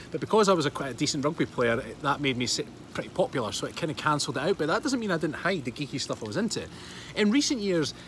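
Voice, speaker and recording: A man's voice: medium pitch, a little hiss or hum. A man in his thirties with a Scottish accent, chatting casually on a livestream, laughing often and reading out viewer comments. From Scotland. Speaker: livestream host. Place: outdoors by a pool.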